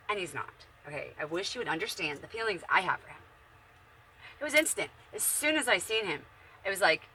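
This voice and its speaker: Woman in her 40s, lively swooping pitch, bright forceful tone, blunt and profane, rambling bedroom vlog. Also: slight background noise. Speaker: vlogger. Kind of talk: casual rambling monologue.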